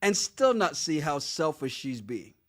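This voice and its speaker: Male podcast co-host, high and animated voice, laughs a lot, reads listener comments. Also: a little slow. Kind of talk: casual chat.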